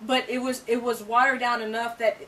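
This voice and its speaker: Woman, very high voice, excitable chatty reviewer, a bit distant from the mic. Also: fairly quick. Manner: excitable, laughs often, goes high when mocking critics. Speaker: co-host of a movie review show. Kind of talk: casual chat. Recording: voice from away from the mic.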